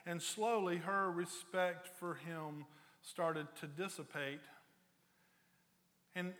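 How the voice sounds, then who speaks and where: A man preaching a sermon, telling stories with rising energy and then dropping low and slow for serious points. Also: in a large hall. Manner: storytelling, builds loud and high for anecdotes, drops low and slow for serious points. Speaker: pastor.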